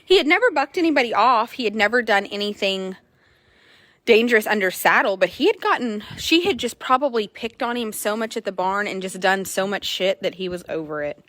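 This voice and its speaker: A woman horse trader chatting casually in a barn, jokey and animated, often swearing. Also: mid-range voice, a little fast, dry recording. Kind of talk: casual chat.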